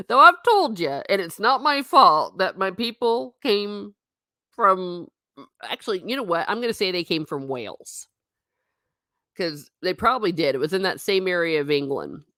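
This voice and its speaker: A woman's voice: medium pitch, sing-song, unhurried, pushed and bright, dry recording, clean studio sound. A middle-aged woman hosting a casual livestream chat, reading viewer comments and laughing often with self-mocking asides.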